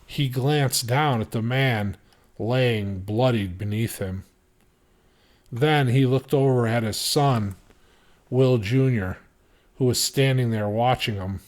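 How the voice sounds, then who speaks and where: A man reading a novel chapter aloud in steady, measured narration. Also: medium pitch. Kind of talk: audiobook reading.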